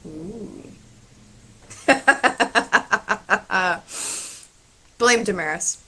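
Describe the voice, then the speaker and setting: A woman co-hosting a casual live-streamed chat, playful and teasing with quick jokes. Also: mid-range voice, pushed and bright, husky, poor audio. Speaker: co-host helping with comments.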